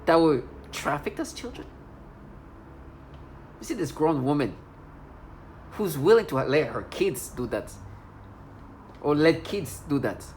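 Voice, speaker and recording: Low-voiced woman ranting, agitated and accusatory. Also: expressive, slow pace, pauses often, darkish tone, a little hiss or hum. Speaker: video blogger. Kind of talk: angry monologue to camera.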